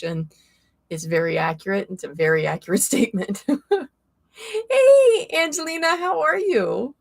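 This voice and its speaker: A woman's voice: medium pitch, very animated, moderate pace, creaky, no echo. A woman hosting a casual livestream as a tarot reader, chatting with viewers, greeting them by name and laughing often. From Florida.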